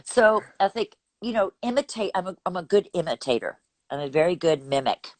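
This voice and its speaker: A woman's voice: fairly low pitch, lively intonation, brisk, a little mellow. An older woman from Texas, a vocal coach, chatting animatedly in an interview and laughing often as she explains technique. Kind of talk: casual interview chat.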